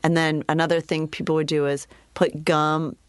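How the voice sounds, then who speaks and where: A woman's voice: deep voice, flat delivery, moderate pace, clean tone, no echo, clean studio sound. A woman co-hosting a casual podcast chat, playful and chatty, who drifts into silly made-up rhymes. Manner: playful, bursts into improvised sung silly rhymes. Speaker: podcast co-host.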